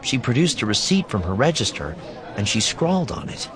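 A man's voice: medium pitch, sing-song, a little fast, crowd noise. A man narrating a first-person story in a dry, wry manner.

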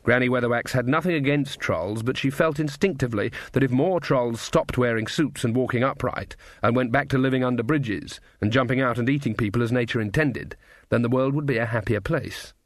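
A man narrating a comic fantasy audiobook in a measured, dry delivery. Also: mid-range voice, dry recording. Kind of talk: scripted narration.

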